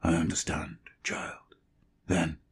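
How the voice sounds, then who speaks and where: A man voicing a stern, calm wandering swordsman who speaks softly and coldly, in an audiobook reading. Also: low-pitched, unhurried, breathy edge, full character voice. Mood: soothing. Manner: soft and soothing, then cold.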